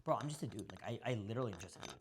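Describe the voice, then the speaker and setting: A man's voice: fairly low pitch, animated, rapid-fire, slight background noise. A young man talking as a guest on a podcast, boastful, brash and profane. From Indian descent. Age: young adult. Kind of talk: casual podcast talk.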